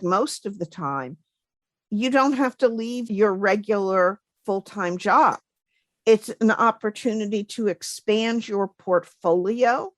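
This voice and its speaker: A woman co-hosting a career podcast, explaining things in a measured, deliberate way. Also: mid-range voice, dry recording. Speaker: podcast co-host, federal careers advisor. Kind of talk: casual chat.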